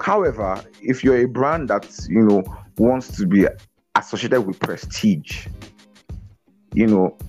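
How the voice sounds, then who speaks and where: A lively young man talks over a video call, his voice sitting fairly low. He is upbeat and restless, circling back on his own words and breaking into laughs. Soft music plays faintly underneath. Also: husky. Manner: energetic, repeats words, laughs often. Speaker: guest on a business podcast. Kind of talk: casual interview talk.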